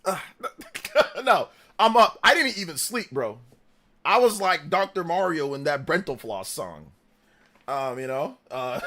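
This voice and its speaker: A young man hosting a live reaction stream, chatting in a relaxed, slangy way, humming tunes and laughing often. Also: fairly high pitch, unhurried.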